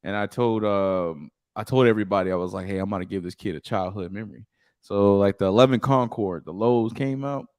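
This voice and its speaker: A man's voice: fairly low pitch, a little fast, a little mellow, dry recording, studio quality. A man with a Southern US accent, co-hosting a podcast in casual chat and telling stories with laughs. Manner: laid-back, laughing storyteller. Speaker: podcast co-host.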